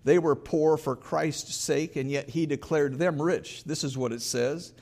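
A man's voice: fairly high pitch, steady tone, measured pace, a little mellow. A middle-aged male pastor preaching an earnest sermon and reading scripture aloud with emphasis.

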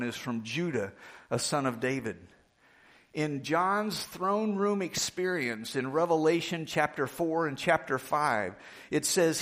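Emphatic preacher, slow weighty delivery. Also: male voice. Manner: slow, emphatic, drops low and quiet on key phrases. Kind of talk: sermon with scripture reading.

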